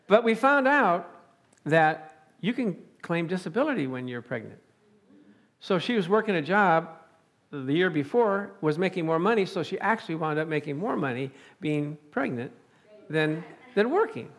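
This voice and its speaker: Male preacher with a high voice, lively delivery, frequent laughs and calls of "amen?". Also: normal speed. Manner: animated, chuckling, calling out "amen?" to the congregation. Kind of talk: sermon.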